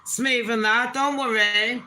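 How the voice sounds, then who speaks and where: A woman's voice: on the high side, steady tone, takes it slowly, sharp tone, low-quality recording. A woman chatting casually to her channel, swearing freely and laughing often. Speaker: channel host. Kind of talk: casual chat vlog.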